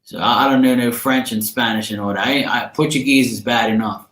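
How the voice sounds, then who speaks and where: A man's voice: mid-range voice, fairly even intonation, fairly quick, fairly bright tone, echoey room. A man from Bermuda with a Bermudian accent, rambling in slangy, profane casual chat as he hosts a livestream. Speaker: livestream host.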